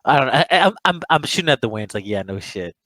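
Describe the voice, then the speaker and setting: A man's voice: mid-range voice, very animated, racing, pushed and bright, low-quality recording. A young man chatting casually as a podcast co-host, rambling, swearing often and laughing a lot. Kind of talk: casual chat.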